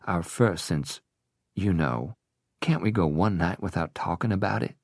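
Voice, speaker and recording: A man's voice: low voice, unhurried, creaky, darkish tone, dry recording, studio quality, full character voice. A man voicing a vain, shallow society wife who talks in a whining voice. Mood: whiny chatter. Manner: whining, self-absorbed chatter.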